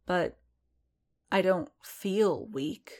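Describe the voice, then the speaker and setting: A tired, troubled armored warrior speaks in a storybook reading, voiced by a woman. His lines come slow and subdued, low and measured, with no swagger left in him. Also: animated, darkish tone, exaggerated voice. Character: weary male armored warrior, conflicted and quiet.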